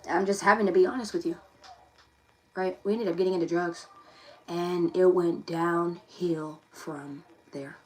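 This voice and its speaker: A woman's voice: lowish voice, fairly even intonation, measured pace, darkish tone, low-quality recording. A young woman, reading tarot casually to camera in a confiding, emphatic way that repeats itself. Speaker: tarot reader.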